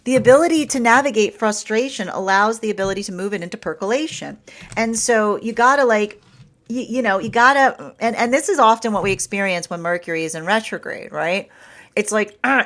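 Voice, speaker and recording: A woman talks through a tarot energy update in loose, casual chat. She rambles, circles back on her own phrases and breaks into laughter often. Her voice sits at an ordinary middle pitch for a woman. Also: a little fast, fairly bright tone. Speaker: tarot reader. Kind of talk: casual spiritual reading.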